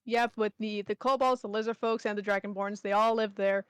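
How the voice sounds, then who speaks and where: A woman chatting casually with a friend about a fantasy world, teasing her with deadpan jokes. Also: medium pitch, brisk, clear, resonant tone, no echo.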